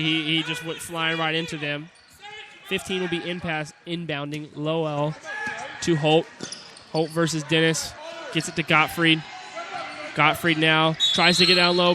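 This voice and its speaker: Excited young man calling basketball play-by-play. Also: a little high, background noise. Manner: rapid clipped calls, bursts of shouting on plays. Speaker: play-by-play announcer. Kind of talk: amateur basketball play-by-play commentary.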